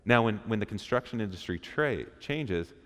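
A man's voice: fairly low pitch, expressive, normal speed, fairly bright tone. A man giving an interactive sermon to a men's church group, conversational and asking the room questions. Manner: conversational, asks the room questions, acts out quotes. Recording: reverberant hall.

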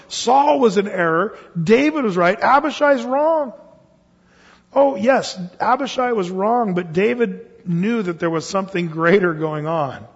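Husky-voiced male preacher in echoing hall. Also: sits high, muffled recording. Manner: conversational, animated storytelling with rhetorical questions. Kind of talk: sermon.

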